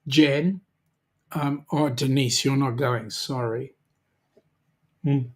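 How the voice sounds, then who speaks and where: An Australian man hosts a casual livestream chat, reading viewers' comments aloud and teasing them. He speaks at an unhurried, drawn-out pace in a mid-range voice. He pauses often with ums. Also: medium pitch, steady tone. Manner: chatty, hesitant with frequent ums, teasing. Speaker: livestream host.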